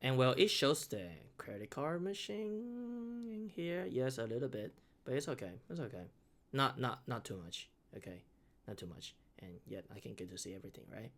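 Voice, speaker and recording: Halting, earnest man reacting on camera. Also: mid-range voice, sing-song, fairly bright tone. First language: Mandarin Chinese. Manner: halting, many restarts and repeated words; earnest, heartfelt. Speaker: beatboxer reacting to videos. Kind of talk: casual reaction commentary.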